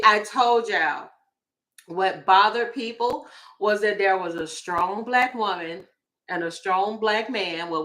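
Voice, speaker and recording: A woman tarot reader giving casual opinion commentary to camera, animated and sassy, talking straight to her viewers. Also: mid-range voice. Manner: mimics other people in quick asides.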